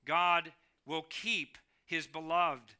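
A man's voice: fairly high pitch, fairly even intonation, extremely slow, pushed and bright, smooth. A man preaching a sermon, with emphatic rises and sudden drops in volume. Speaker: pastor.

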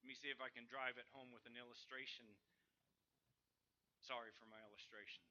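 A man preaching a sermon, moving emphatically between loud declarations and quieter asides. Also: medium pitch, steady tone, fairly quick, rough recording.

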